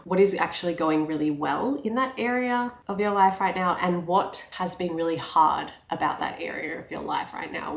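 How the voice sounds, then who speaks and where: A woman coaching viewers through journaling prompts in an encouraging tone, often checking in with "okay?". Her voice sits a little low and has a gravelly edge. The recording carries a noticeable room echo. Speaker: life coach. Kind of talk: guided journaling instruction.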